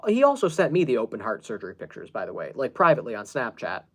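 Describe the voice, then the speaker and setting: A man's voice: medium pitch, wildly swooping pitch, quick pace. A man hosting a podcast, telling a story in a casual, exasperated way, laughing often and swearing as he quotes the people involved. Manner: exasperated, laughing, swearing, quoting others in recounted dialogue. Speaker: podcast host.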